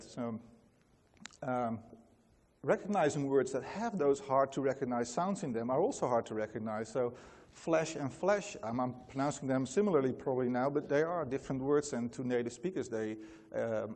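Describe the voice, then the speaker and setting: A man's voice: medium pitch, normal speed, darkish tone. Dutch guy talking at a conference, chatty, lots of ums, big echoey hall. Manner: casual, chatty, many fillers and restarts. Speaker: conference speaker. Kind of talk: conference talk.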